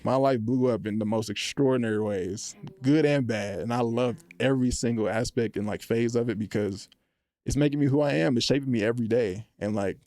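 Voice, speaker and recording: Guest, 20s, man; mellow tone, earnest and lively storyteller, close dry mic. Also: medium pitch, brisk, dry recording. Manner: earnest, animated when retelling, lively storytelling. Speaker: podcast guest, college football player. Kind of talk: casual faith testimony. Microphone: podcast microphone.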